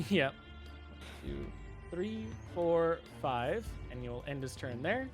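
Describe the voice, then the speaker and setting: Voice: medium pitch, expressive, slow, over music. A game master narrating a tabletop game and explaining rules in a casual, patient way.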